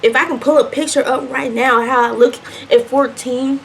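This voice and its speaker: A woman's voice: sits high, moderate pace, gravelly, a little hiss or hum. Chatty young woman telling a storytime. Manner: animated, chatty storytelling while eating. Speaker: vlogger. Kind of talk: mukbang storytime.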